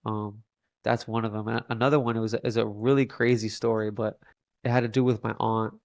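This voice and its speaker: A young man, a podcast guest, telling a long story in a halting way with many fillers and restarts. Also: on the low side, level tone, creaky, dry recording. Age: young adult. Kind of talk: casual storytelling interview.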